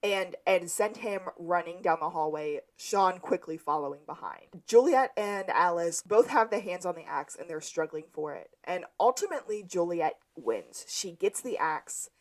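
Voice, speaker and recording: A woman co-hosting a podcast, calmly narrating a TV episode's plot in casual chat. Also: fairly low pitch, moderate pace, few pauses. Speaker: podcast co-host.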